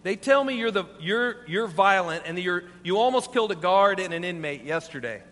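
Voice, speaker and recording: A man voicing a calm, earnest former prisoner who now preaches. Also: high-pitched, normal speed. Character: steady middle-aged male ex-convict preacher. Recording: long hall reverb, faint hum.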